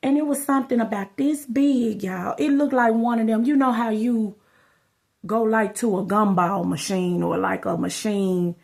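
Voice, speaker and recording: A woman's voice: on the high side, fairly even intonation, moderate pace, vocal fry, a little mellow. A woman, talking straight to her viewers in a rambling, casual storytelling vlog. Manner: rambling, addresses viewers as y'all. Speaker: vlogger.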